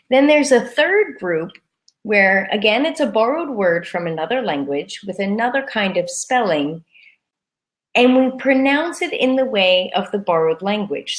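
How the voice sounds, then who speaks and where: A woman gives a live English lesson at a slow, unhurried pace. She says words carefully and repeats each one for her learners, in a voice of middling pitch. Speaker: English teacher. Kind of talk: live-streamed grammar lesson.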